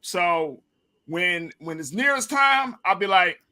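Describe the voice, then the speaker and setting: A man hosts a casual talk show, his voice pitched high for a man. He jokes a lot and piles up repeated words when he jumps in. The tone is bright and pushy. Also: slow. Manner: animated, jokey, repeats words when cutting in. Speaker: host. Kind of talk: casual chat.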